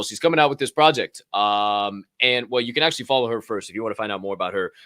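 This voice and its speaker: A man's voice: fairly low pitch, sharp tone, dry recording. A man hosting a casual crypto news podcast, rambling and profane with lots of fillers and a dry throat. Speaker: podcast host.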